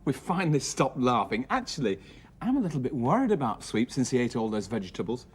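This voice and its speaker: A man's voice: mid-range voice, very animated, quick pace, loud music behind the voice. A man presenting a children's TV show, bantering playfully with puppets, giggling and mock-exasperated.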